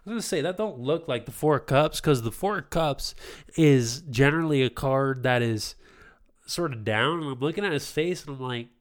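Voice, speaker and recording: A man's voice: medium pitch, expressive, moderate pace. Reflective young man, tarot podcast host. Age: 20s. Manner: reflective, affirming, casual asides. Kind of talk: spiritual podcast talk.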